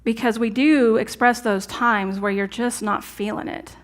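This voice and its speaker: A woman's voice: on the high side, steady tone, a little slow. Earnest woman preaching conversationally. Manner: conversational, earnest, drops to soft asides. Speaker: minister. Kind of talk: sermon. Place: church sanctuary.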